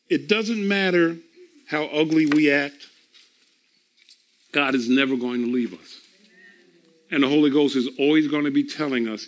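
A man preaching a sermon, emphatic and deliberate, repeating phrases for effect. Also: on the high side. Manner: slow and deliberate, drawn-out pauses.

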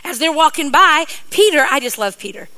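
A woman's voice: high voice, lively intonation, brisk, bright, forceful tone, poor audio. A middle-aged woman preacher giving a sermon, playful and joking, with rambling asides to her congregation.

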